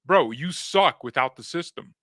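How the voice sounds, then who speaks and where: A man's voice: on the high side, lively intonation, moderate pace, a bit bright, no echo. Slangy young man streaming to chat. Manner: joking, slangy, talks to chat, reads news aloud. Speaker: fan channel streamer. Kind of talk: casual live-stream commentary.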